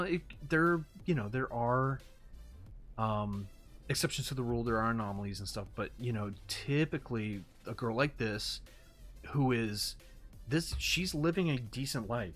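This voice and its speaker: A man's voice: medium pitch, a bit bright. A man giving casual reaction commentary, incredulous and rambling, swearing now and then. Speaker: YouTube commentator.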